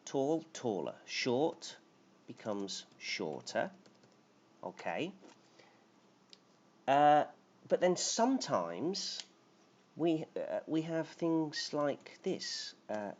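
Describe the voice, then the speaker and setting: A man's voice: a little high, big pitch swings, extremely slow, long pauses, darkish tone. A man teaching English grammar on a live stream, explaining patiently and reading out names from the chat. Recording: dull lo-fi stream audio with faint noise.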